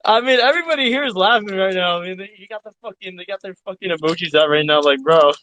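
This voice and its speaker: Rambling, swearing man with a higher voice. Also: quick pace, no room sound, dull audio. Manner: rambling, heavy swearing, animated retelling. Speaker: audio chat participant. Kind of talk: casual storytelling.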